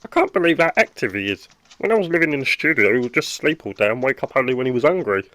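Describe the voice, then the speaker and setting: A man's voice: mid-range voice, big pitch swings, fast, pushed and bright, no room sound. A man voicing a blunt, short-tempered dog owner in a cartoon, speaking with a British accent. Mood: defensive. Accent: British English. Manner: blunt and exasperated. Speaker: cartoon character. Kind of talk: animated comedy dialogue.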